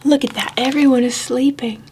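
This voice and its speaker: A woman librarian reading a picture book aloud to preschoolers, expressive and animated, sometimes dropping to a whisper. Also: high voice, moderate pace, a little hiss or hum. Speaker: children's librarian.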